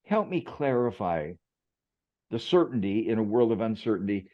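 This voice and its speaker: A man's voice: fairly low pitch, big pitch swings, normal speed, lo-fi sound. A man who is a management expert, a guest on a podcast, telling reflective stories in a conversational way. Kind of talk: conversational storytelling.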